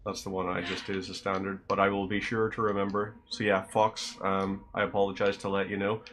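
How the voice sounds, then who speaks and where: Male streamer, low voice, rambling casual chat, dry self-deprecating humor. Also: level tone, brisk, fairly bright tone, a little hiss or hum. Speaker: livestreamer.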